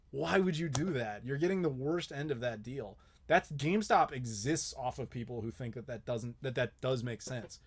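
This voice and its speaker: A young man hosting a live Q&A, chatting casually and bluntly, swearing often and joking with viewers. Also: medium pitch. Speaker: host.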